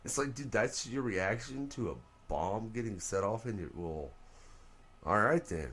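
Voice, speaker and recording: A man co-hosts a rowdy talk radio show, loose and joking, and he swears freely. His voice sits low but swings widely in pitch as he riffs. He laughs easily between points. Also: animated, a little slow, fairly bright tone. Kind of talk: casual uncensored talk radio banter.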